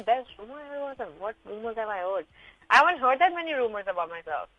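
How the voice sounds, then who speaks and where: Young woman rattling off answers super fast, bubbly, laughs a lot, kinda lo-fi. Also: fairly high pitch, lively intonation, no room sound. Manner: bubbly, quick, laughs often, says "like" and "man". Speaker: reality show contestant, guest. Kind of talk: casual interview chat.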